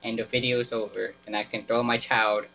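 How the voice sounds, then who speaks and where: A man's voice: mid-range voice, flat delivery, a little fast, vocal fry, pushed and bright. Goofy melodramatic young man gaming. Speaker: gaming YouTuber. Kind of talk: playful gameplay commentary. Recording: slightly dull lo-fi mic with music behind.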